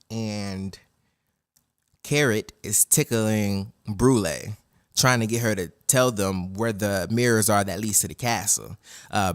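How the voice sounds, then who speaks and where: Excitable male anime reviewer, lower voice, slangy and profane. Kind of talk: casual episode recap.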